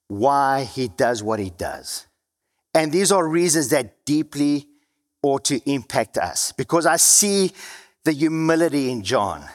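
A man with a South African accent preaching a sermon in a conversational way, his voice dropping low and quiet at the ends of phrases, with a slightly dry mouth. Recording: long hall reverb.

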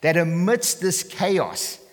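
Taking it slowly in a high, expressive voice, a man preaches a sermon as pastor, with the long reverb of a large hall around him. He's earnest and emphatic, often seeking his listeners' agreement with "okay?"

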